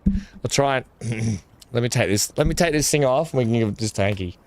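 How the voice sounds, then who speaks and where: Speaking a little fast with lively intonation in a mid-range voice, a man who makes gaming videos unboxes gifts, chatting casually, muttering asides, addressing his dog and often clearing his throat.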